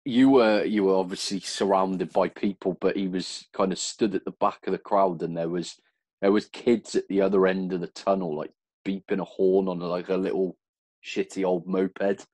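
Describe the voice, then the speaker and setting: A man's voice: low voice, fairly even intonation, normal speed, a little mellow, husky, no room sound. A man hosting a podcast interview, asking questions in an easygoing, hesitant way with many fillers. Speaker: podcast host. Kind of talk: casual interview chat.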